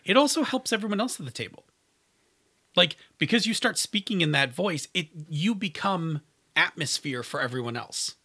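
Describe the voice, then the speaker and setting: A bright, forward-sounding man with a slightly higher voice co-hosts a relaxed gaming podcast. He talks in an animated, joking way and often restarts his sentences mid-thought. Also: normal speed. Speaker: podcast co-host. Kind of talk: casual chat about tabletop gaming.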